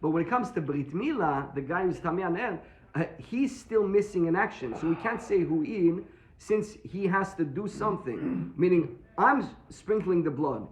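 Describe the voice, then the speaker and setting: A man's voice: high-pitched, animated, moderate pace, roomy sound. A man teaching a daily Talmud class to students, explaining step by step and answering his own questions. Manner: explains step by step, repeats points and asks rhetorical questions.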